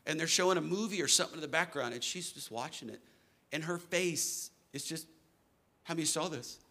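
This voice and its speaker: A middle-aged man preaching a sermon to a church congregation, swinging from soft, slow lines to loud, fervent ones. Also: on the high side. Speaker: pastor.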